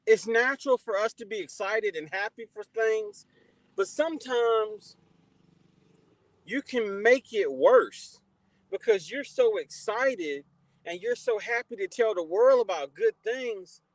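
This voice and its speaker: High-voiced man hosting a casual livestream. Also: lively intonation, unhurried, no room sound, rough recording. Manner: shouts out chat viewers warmly by name, preachy advice. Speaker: livestream host.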